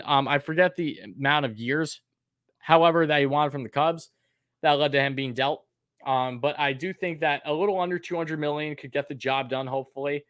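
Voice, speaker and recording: A man hosting a live sports stream, talking casually with lots of ums and uhs and answering chat questions, and by his own account a bit monotone. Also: fairly high pitch, fairly quick, no echo, studio quality. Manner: casual, many fillers, reads chat names aloud.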